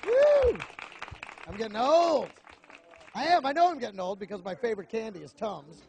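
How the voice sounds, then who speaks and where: A young man doing a stand-up comedy routine on a club stage, telling stories animatedly and slipping into quick voices. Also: high-pitched, very animated, gravelly, a crowd in the background, noisy background. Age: young adult.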